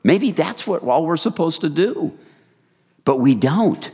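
A man preaching a sermon in a casual, animated way, swinging from hushed lines to loud excited bursts. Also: a little high, a little slow, slightly rough, in a large hall. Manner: casual, addresses the crowd as "you guys".

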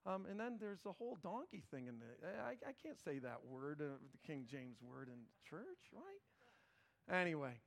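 A middle-aged male pastor preaching a sermon in a conversational, animated way, often repeating words as he starts phrases. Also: a little high, normal speed, creaky, few pauses.

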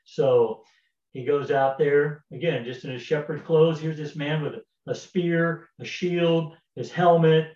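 A man's voice: a little high, fairly even intonation, a little slow, a little mellow. Folksy man retelling Bible stories in an echoey room. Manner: folksy, repeats words, many fillers. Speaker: Bible teacher. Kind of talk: casual Bible storytelling. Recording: roomy, distant, dull sound.

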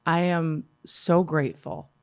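Low-voiced woman interview host. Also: steady tone, slow, clear, resonant tone. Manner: warm affirming, lots of "yeah" and "so good". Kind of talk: conversational interview.

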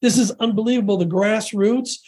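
An older American man in his sixties tells long, animated stories as a podcast guest. His voice sits high for a man, and he rambles through restarts and quick quoted asides. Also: husky. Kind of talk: casual storytelling interview.

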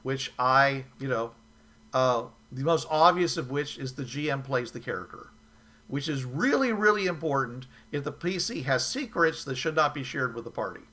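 A man talking casually about tabletop role-playing games, rambling and often restarting his sentences. His voice has a bright, clear edge at a middle pitch. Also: animated, moderate pace. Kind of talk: casual chat.

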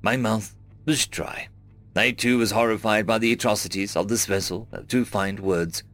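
A man narrating a first-person science fiction story in a measured storytelling manner. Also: fairly low pitch, steady tone, fairly bright tone. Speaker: audiobook narrator. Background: faint background music.

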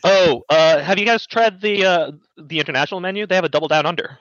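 A man's voice: on the high side, fast talker, fairly bright tone, dry recording. A man chatting casually at a tabletop game, starting lines hesitantly with "oh, uh.". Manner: hesitant, lots of "oh, uh". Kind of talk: casual chat. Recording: dull lo-fi dry sound.

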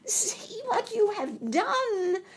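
A woman voicing a wicked old witch, cunning and cackling, with a shrill, wailing, drawn-out voice. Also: big pitch swings, darkish tone, husky, exaggerated voice.

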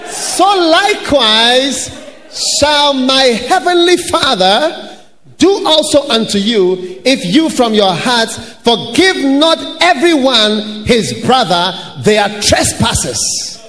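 Male pastor, high lively voice, shouted sing-song sermon, church hall reverb. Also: slow. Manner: shouted, sing-song preaching with laughter and mimicry. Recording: hall reverb with faint noise.

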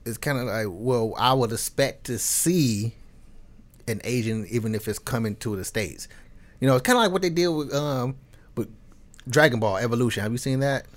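A man talks as a guest in a loose conversation, his voice sitting at an ordinary middle pitch. He rambles through his points with restarts and laughs often. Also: moderate pace. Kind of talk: casual discussion.

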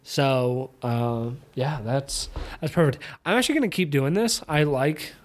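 A young man hosts his own podcast, chatting idly and rambling as he watches fights, with frequent fillers and restarts. His mid-range voice is unhurried, occasionally slipping into a mild Southern twang around country music.

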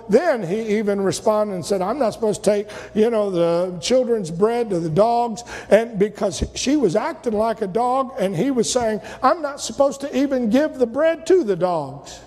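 A man preaching a sermon, retelling scripture stories and acting out the voices, sometimes rising to shouts. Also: high-pitched. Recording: long hall reverb.

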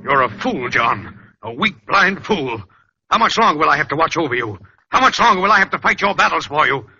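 Brief: an older hot-tempered father, raised pitch, scolding and bright, dull old radio sound. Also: big pitch swings, brisk, soft background music, full character voice. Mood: angry. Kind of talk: 1940s radio acting.

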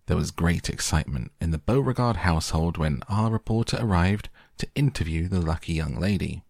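Low gravelly guy reading a kids book aloud, slow and steady, dry close mic. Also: no room sound. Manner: measured storytelling. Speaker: narrator. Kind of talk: audiobook reading of a children's novel.

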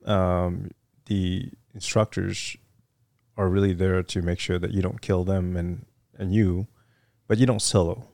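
A middle-aged man with a Vietnamese accent, a retired military aviator telling his story in a relaxed interview, full of "you know" fillers. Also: low voice, measured pace, creaky, no room sound, studio quality. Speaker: interview guest, retired Marine fighter weapons officer.

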